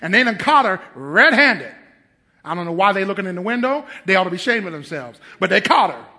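High, lively-voiced preacher telling a story. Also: male voice, fairly quick. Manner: storytelling preacher, acts out quoted voices, rises to loud emphatic stretches; asks the congregation questions. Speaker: pastor. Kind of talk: sermon.

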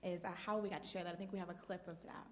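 A woman's voice: on the low side, steady tone, rapid-fire. A woman co-hosting a talk show, chatting in an upbeat, reflective way. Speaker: co-host. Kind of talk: casual chat. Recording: reverberant hall, faint background noise.

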